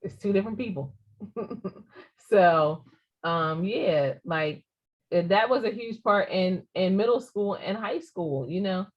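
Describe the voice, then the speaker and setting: A middle-aged woman talks casually with her daughter on a podcast, her voice animated and full of laughter. She slips into playful mock threats now and then. The audio sounds slightly dull and lo-fi. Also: mid-range voice, measured pace. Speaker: podcast co-host, mother. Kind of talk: casual chat.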